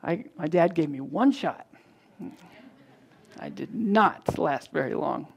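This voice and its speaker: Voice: animated, slow, gravelly, husky. A pastor delivering a sermon in a conversational way, with frequent restarts and repeated words, acting out quoted dialogue. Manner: conversational, acts out quoted dialogue with big pitch jumps.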